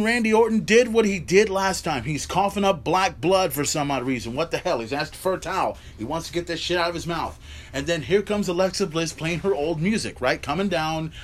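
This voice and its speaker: Fired-up man ranting, high-ish voice. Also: a little hiss or hum. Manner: ranting, incredulous, heavy swearing, rhetorical "right?" asides. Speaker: podcast host. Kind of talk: profane wrestling recap rant.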